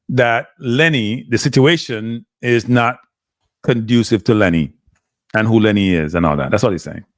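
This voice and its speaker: Hosting a live stream, a man with a Jamaican accent talks casually, moving between standard English and patois. His medium-pitched voice is recorded at studio quality with no room sound.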